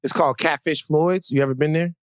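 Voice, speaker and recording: A man's voice: a little high, fairly even intonation, fairly quick, clear, resonant tone, dry recording, clean studio sound. Rambling, laughing male podcast co-host. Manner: rambling, laughing, swears freely. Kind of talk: casual chat. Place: studio.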